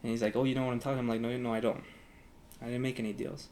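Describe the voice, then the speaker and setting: A man's voice: mid-range voice, level tone, racing, a little mellow, a little hiss or hum. A young man talking casually to camera as a vlogger, rambling with lots of "like" fillers and acting out both sides of past conversations. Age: young adult. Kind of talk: casual storytelling vlog.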